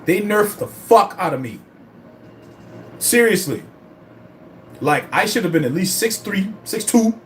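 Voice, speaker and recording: A high-pitched man speaks at a measured pace, pausing often, in a fitness-journey vlog with slight background noise. His casual chat wanders, includes profanity, and stays animated.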